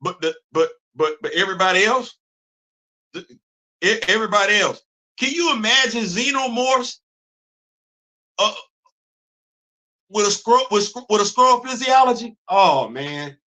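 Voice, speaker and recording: Male host with a high, sharp voice; lively, exclamatory fan chat. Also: measured pace, long pauses. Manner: animated, repetitive, exclaiming, laughing. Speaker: comics podcast host. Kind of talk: excited casual comic book talk. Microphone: live stream mic.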